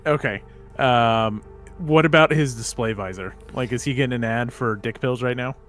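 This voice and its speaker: A man's voice: medium pitch, moderate pace, a bit bright, soft background music. A man playing a tabletop role-playing game, describing what his character does in a hesitant way full of "like". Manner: hesitant, peppered with "like". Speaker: player.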